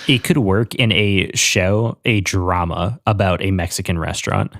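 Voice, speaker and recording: Young male co-host, deep-ish voice, wry and measured, close dry recording. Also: a bit bright, dry recording. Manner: wry, deliberate, joking asides. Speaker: podcast co-host. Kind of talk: casual chat.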